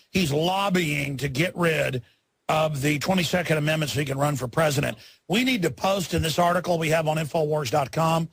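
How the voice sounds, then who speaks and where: A man's voice: a little high, gravelly, slightly rough. A man as a talk radio host delivering a heated, indignant rant. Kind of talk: angry ranting commentary.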